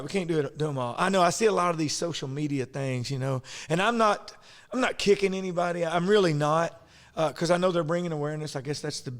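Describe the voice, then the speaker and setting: Man, podcast host, rambling casual storyteller, a bit high-pitched, long reverb in the room. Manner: rambling storyteller, frequent restarts and laughs. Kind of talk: casual conversation.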